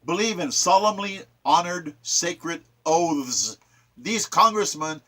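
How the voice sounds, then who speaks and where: A man's voice: a little high, animated, slow pace, sharp tone. A man reciting his own sonnets and following them with impassioned, preachy political commentary. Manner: ranting, preachy, emphatic.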